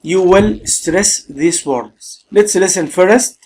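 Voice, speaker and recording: A man's voice: high voice, slow, a little mellow. Egyptian-accented male English teacher. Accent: Egyptian Arabic. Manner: mixes Arabic explanation with English, stresses words emphatically. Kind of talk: classroom English lesson.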